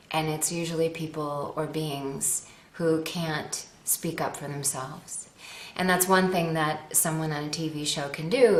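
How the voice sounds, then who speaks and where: Earnest woman, lowish voice, roomy echo. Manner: earnest, rambling, self-deprecating. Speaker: actress and animal-rights advocate. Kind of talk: personal appeal to viewers. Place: at home with her dog nearby.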